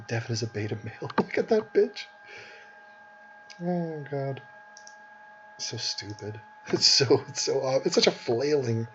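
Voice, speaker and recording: A man's voice: medium pitch, expressive, measured pace, a bit bright, slight background noise. A man who is sick, hosting a casual chat in a blunt, scornful and profane way, laughing often. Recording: dull lo-fi audio.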